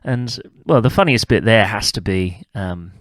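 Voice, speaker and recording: A man recapping a television episode on his podcast in a relaxed, chatty way, tacking tag questions onto his remarks. His voice sits low. The recording is dry, with no room echo. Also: a little slow. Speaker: podcast host. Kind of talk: casual TV-episode commentary.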